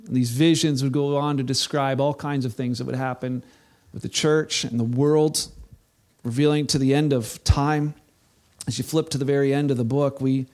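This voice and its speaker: A middle-aged male pastor preaching a sermon, earnest, rising to impassioned peaks and then dropping soft and low.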